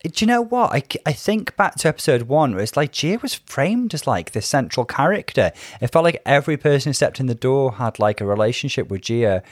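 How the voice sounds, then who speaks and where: A man's voice: mid-range voice, very animated, fairly quick, few pauses, dry recording, clean studio sound. A man co-hosting a casual recap podcast, enthusiastic and full of praise. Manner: enthusiastic, effusive. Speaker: podcast co-host.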